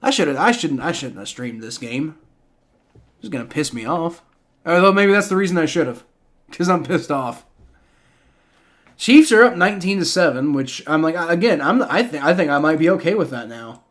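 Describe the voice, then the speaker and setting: A man's voice: on the high side, expressive, moderate pace, a bit bright. A man live-streaming a game reaction, ranting in exasperation with heavy profanity and frequent stammering restarts.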